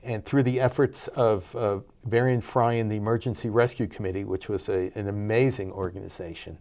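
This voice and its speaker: An older man telling a family story in a relaxed interview, with many fillers and restarts. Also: fairly low pitch, a little fast. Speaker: interview guest, cinematography professor.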